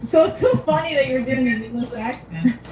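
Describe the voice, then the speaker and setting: A woman in a casual podcast chat, cutting in with quick corrections. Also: sits high, darkish tone, roomy sound, a little hiss or hum.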